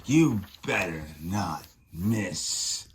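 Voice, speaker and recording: A man's voice: deep voice, expressive, drawn-out words, a little hiss or hum, exaggerated voice. A man reading the lines of a determined female sorceress hero, stern and threatening. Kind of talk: reading comic dialogue aloud.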